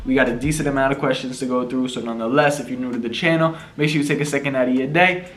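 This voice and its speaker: A man's voice: medium pitch, fairly even intonation, racing, fairly bright tone. A man in his twenties casually answering fan questions in a vlog, laid-back and slangy, rambling with lots of fillers. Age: 20s. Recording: echoey room.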